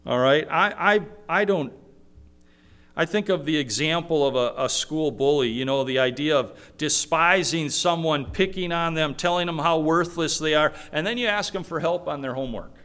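A man's voice: a little high, moderate pace, a bit bright, clean tone. A man preaching a sermon in a conversational way, teaching verse by verse, often repeating words and acting out the voices he quotes.

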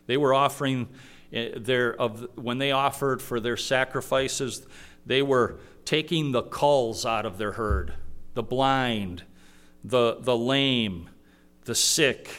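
A man's voice: mid-range voice, slow, a bit bright, clean tone. A man preaching a sermon in a conversational way, teaching verse by verse, often repeating words and acting out the voices he quotes.

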